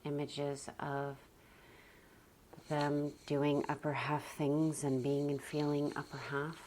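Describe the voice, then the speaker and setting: A young woman speaks to her viewers in a very low, hushed voice, slow and deliberate, sometimes sinking nearly to a whisper. Her manner is gentle and reflective, and a faint hum of room ambience sits behind her. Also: monotone. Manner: soft, slow and gentle, often near a whisper. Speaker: parenting vlogger. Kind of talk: calm reflective talk to camera.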